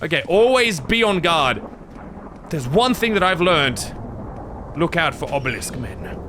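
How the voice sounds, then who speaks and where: A man's voice: on the high side, big pitch swings, a little slow, noisy background. A man commenting on his gameplay in a jokey, rambling way, easily startled and prone to yelps. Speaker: gaming video creator.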